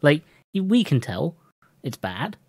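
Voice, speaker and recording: A man's voice: a little high, big pitch swings, a little slow, darkish tone, breathy edge, no echo, clean studio sound. An English man co-hosting a podcast, chatting casually, rambling, restarting his sentences and laughing often. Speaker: podcast co-host. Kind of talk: casual chat.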